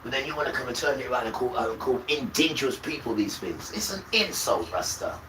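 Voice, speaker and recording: Man, impassioned religious rant, accusing and repetitive, loud outbursts then mutters, noisy background. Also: mid-range voice, lively intonation, fairly quick. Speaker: livestream host. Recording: roomy, distant mic with loud background noise.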